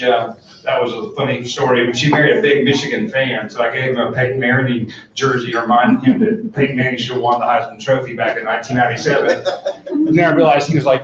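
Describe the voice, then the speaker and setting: A middle-aged man giving a conference talk, telling a humorous personal story in a folksy, rambling way with many fillers and restarts. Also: mid-range voice. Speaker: conference speaker. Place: large conference room. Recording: echoey hall, distant mic, dull sound.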